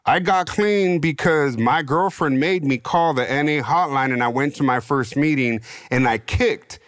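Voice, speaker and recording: A middle-aged man with a Chicano English accent, a podcast guest telling his recovery story in streetwise slang, animated and slipping into other people's voices. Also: a little high, unhurried, dry recording, studio quality. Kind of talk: casual storytelling interview.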